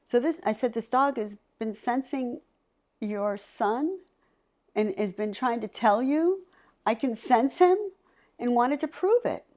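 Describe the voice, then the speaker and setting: A woman's voice: on the high side, a little slow. A middle-aged woman, a psychic medium, telling stories in a conversation and acting out the voices of the people in them. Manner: animated, acts out voices in her stories. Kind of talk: storytelling in a conversation.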